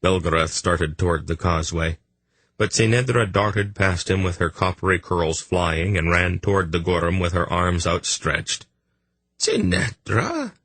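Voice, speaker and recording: A man reading a fantasy audiobook in a measured, even storytelling manner. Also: low-pitched, no echo. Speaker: audiobook narrator. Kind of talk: scripted fantasy narration.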